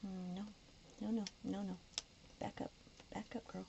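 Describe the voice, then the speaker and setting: A woman's voice: mid-range voice, expressive, slow, creaky, long pauses. A woman chatting casually while decorating a planner, often slipping into a whisper, her voice getting a little tired. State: voice starting to go. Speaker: planner vlogger. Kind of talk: casual plan-with-me chat. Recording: dull lo-fi recording with faint noise.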